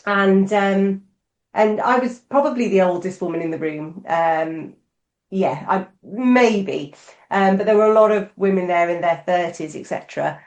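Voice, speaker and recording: A woman's voice: medium pitch, measured pace, a little mellow, muffled recording. A middle-aged woman co-hosting a podcast, talking openly and thoughtfully with many fillers. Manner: open, thoughtful, frequent fillers. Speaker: podcast co-host. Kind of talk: casual conversational chat. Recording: roomy echo.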